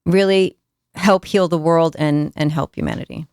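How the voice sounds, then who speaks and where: A woman with a low, smooth and resonant voice hosts a podcast conversation. She speaks emphatically and candidly, and the sound is dry and close. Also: moderate pace, darkish tone, dry recording. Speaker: podcast host. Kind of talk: casual interview conversation.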